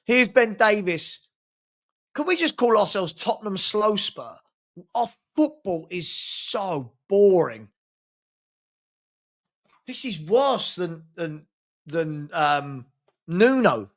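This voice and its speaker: A man's voice: sits high, sing-song, slow, pauses often, a bit bright. A man from hosting a live fan watchalong, calling a match with sarcastic exasperation and rueful laughter.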